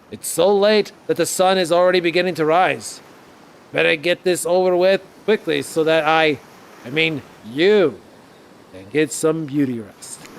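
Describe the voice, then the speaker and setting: A man's voice: fairly high pitch, slight background noise. A male streamer reading a dating game aloud in a rambling way, often correcting himself mid-sentence. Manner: rambling, self-correcting, giggly.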